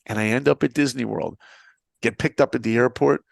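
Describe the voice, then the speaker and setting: With a mid-range voice full of vocal fry, this middle-aged New York man talks fairly quickly through his own motivational story. He's lively, acting out each exchange he describes, and the recording has no echo.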